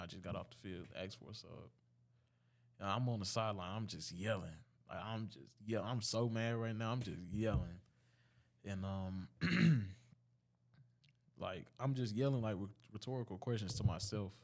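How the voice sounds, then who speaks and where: A young man in his late teens, a high school student, casually telling a story in a laid-back way with frequent fillers and restarts. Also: darkish tone.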